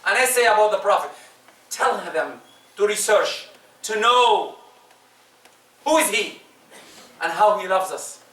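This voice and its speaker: A man preaching a Friday sermon, emphatic, with his voice swinging between loud rises and soft drops. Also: sits high, lively intonation, a little slow, pauses often. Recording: echoey room, distant mic.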